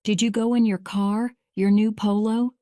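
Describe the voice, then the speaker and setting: A woman voicing a calm male lawyer questioning a witness, read slowly and evenly. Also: mid-range voice, dry recording, studio quality, natural voice. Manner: measured, slow graded-reader delivery.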